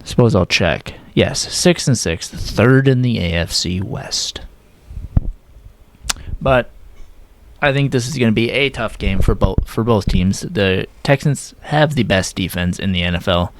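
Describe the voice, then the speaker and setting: A young man casually running through his weekly football picks, correcting himself as he goes and sometimes talking in a flat, robotic way. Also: on the low side, measured pace, a little hiss or hum. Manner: casual, self-correcting, slightly flat delivery. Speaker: sports predictions vlogger. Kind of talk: casual sports picks talk.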